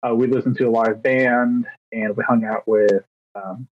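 Here a thirty-year-old podcast co-host speaks at a moderate pace, his medium-pitched voice fairly even in intonation. In relaxed chat he spins rambling, self-deprecating tales laced with fillers, recorded on a dry, slightly muffled mic.

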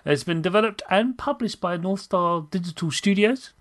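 A man's voice: high-pitched, normal speed, fairly bright tone. A man hosting a podcast interview, chatting casually and enthusiastically with self-deprecating asides. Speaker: podcast host.

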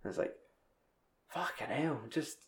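A man's voice: on the high side, animated, unhurried, a bit bright. A young man in casual chat, recapping a film in a rambling, sweary way. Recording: echoey room.

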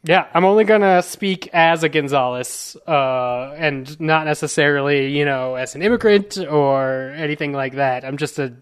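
An American man hosting a casual panel chat over a video call, halting with many fillers and restarts. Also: on the high side, smooth. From United States. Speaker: podcast host.

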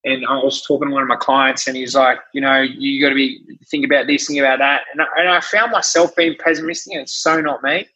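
A man with an Australian accent, a fitness trainer telling his story in a casual chat, animated and blunt, swearing freely. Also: mid-range voice, fast talker, few pauses, breathy edge, dull audio. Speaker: fitness trainer and gym owner.

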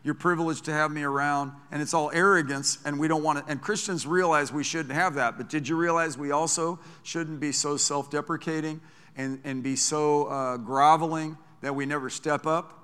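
A male pastor preaching with a bright, forceful voice pitched a little high. His delivery is conversational and animated, full of quick restarts. The sound carries a long reverb from a large church hall. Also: clean tone. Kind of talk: sermon.

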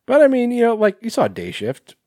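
A man's voice: very high voice, huge pitch swings, a little fast, a little mellow, no echo, clean studio sound. A man co-hosting a podcast in casual chat, rambling with lots of fillers and swearing freely. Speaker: podcast co-host.

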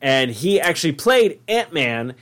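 A man hosting a casual podcast, rambling loosely from one story to the next. His pitch is lively and moves up and down a lot as he talks. He sounds goofy and unpolished. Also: moderate pace. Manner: goofy, rambling, breaks into silly voices. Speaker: podcast host. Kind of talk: casual chat.

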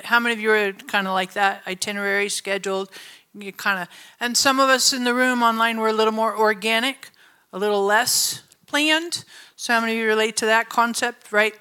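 A middle-aged woman pastor giving a sermon, telling stories in an animated way and laughing often. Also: on the high side. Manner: animated storytelling with frequent laughter.

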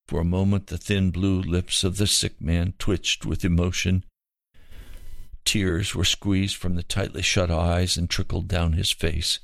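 Earnest male narrator, gravelly and low, dry close recording. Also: flat delivery, unhurried, no echo. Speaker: reader. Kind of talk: storytelling narration.

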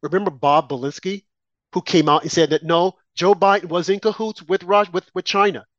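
A man hosts a talk show and delivers a heated political monologue, firing off rhetorical questions with indignant emphasis. His voice sits fairly high. The sound is dry and slightly dull. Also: fairly even intonation, fairly quick, no room sound.

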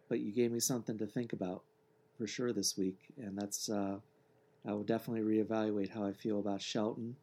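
A man co-hosting a sports podcast in casual chat, with a relaxed, joking, deadpan way of talking. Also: lowish voice. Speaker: podcast co-host.

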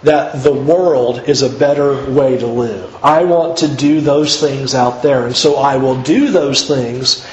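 A man preaching a sermon in an earnest, emphatic way, pushing his pitch up to stress his points. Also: reverberant, dull audio, a little hiss or hum.

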